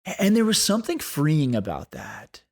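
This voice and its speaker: A man hosting a solo podcast, talking in an earnest, thoughtful way and slowing down to stress key points. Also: on the high side, huge pitch swings, darkish tone. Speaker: podcast host. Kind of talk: reflective solo podcast talk.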